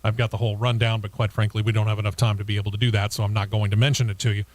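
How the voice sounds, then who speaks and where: A man's voice: fairly low pitch, level tone, rapid-fire, darkish tone, no room sound. A man hosting a racing talk show, reading motorsport news and bantering with his co-hosts. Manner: reads news items then chats and laughs with co-hosts.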